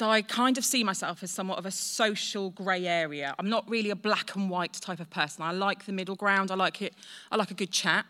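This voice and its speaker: A woman in her forties tells her own story, chatty and self-deprecating. Her voice is bright and forceful, and it carries a long reverb like a hall. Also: mid-range voice, smooth. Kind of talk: personal storytelling on stage.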